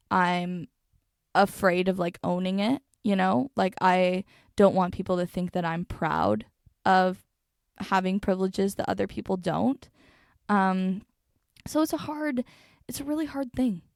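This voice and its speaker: A young woman talks earnestly into a close microphone, working through her thoughts with plenty of "um"s and restarts. Her voice has a gravelly, fried edge and sits at an ordinary pitch. The sound is dry and close, with almost no room around it. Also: darkish tone, no room sound. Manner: earnest, thinking aloud with many fillers and restarts. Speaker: podcast host. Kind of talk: reflective solo podcast talk. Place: sitting in a chair at a microphone. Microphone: studio microphone, close.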